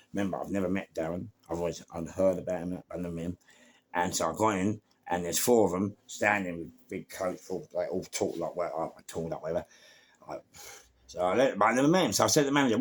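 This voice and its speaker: A man with a London accent telling a story in a casual, animated way, swearing freely and throwing in sound words and laughs. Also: deep voice, brisk, a little hiss or hum. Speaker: former gangster telling his story.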